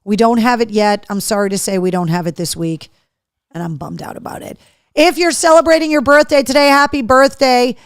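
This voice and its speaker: A woman's voice: on the high side, brisk, clear, resonant tone, no room sound, clean studio sound. A middle-aged woman from Massachusetts hosting a live show in casual chat, reading viewer comments aloud and talking freely. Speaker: host.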